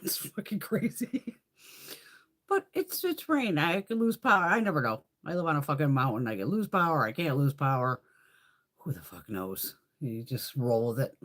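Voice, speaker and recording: Lively, foul-mouthed American woman chatting live. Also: deep voice, normal speed. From United States. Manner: blunt, heavy swearing, laughs often. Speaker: makeup livestream host. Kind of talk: casual livestream chat reading viewer comments.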